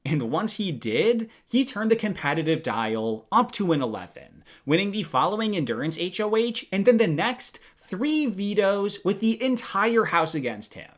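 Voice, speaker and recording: A young man narrates a ranked countdown in a scripted, commentary style. His voice sits a little high and moves a lot, with plenty of lift and bounce between phrases. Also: normal speed, few pauses. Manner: lively, animated delivery. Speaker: video host.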